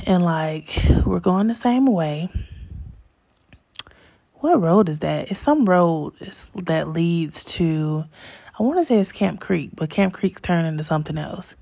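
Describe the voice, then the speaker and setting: Gravelly low-voiced woman storyteller. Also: expressive, slow, pauses often, no room sound. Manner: chatty, full of fillers, drops into hushed asides. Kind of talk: candid personal storytelling.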